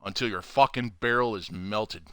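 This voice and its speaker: A man hosting his own channel, ranting furiously to camera from home with heavy swearing and loud outbursts. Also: lowish voice, normal speed, smooth, no echo, studio quality. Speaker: channel host. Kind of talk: angry profane rant to camera.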